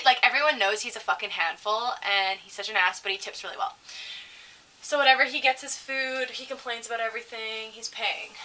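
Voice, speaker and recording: A young woman co-hosting a casual podcast, telling lively stories with lots of swearing and acted-out quotes. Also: fairly high pitch, far from the mic, poor audio. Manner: animated, swearing, acts out quoted voices. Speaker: podcast co-host. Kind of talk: casual storytelling chat.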